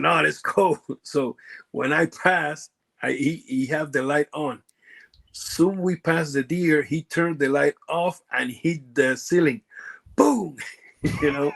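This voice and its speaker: Puerto Rican man telling halting stories. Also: fairly high pitch, vocal fry, a bit bright. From Puerto Rico. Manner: halting, lots of fillers and restarts, broken grammar. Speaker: guest, former pro wrestler. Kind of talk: casual storytelling interview.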